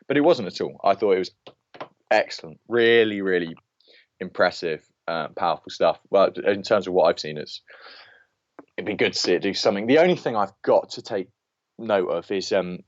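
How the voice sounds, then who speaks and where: A man's voice: low-pitched, normal speed, dry recording. A man co-hosting a podcast, giving an opinionated film review in casual chat and ranting with many restarts. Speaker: podcast co-host. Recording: dull lo-fi podcast audio.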